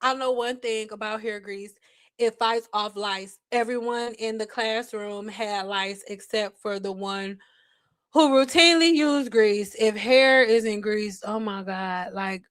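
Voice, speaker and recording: A woman's voice: medium pitch, fairly even intonation, slow, fairly bright tone, clear, resonant tone, dry recording, studio quality. A woman ranting as a hair care educator, blunt, exasperated and profane in casual livestream talk.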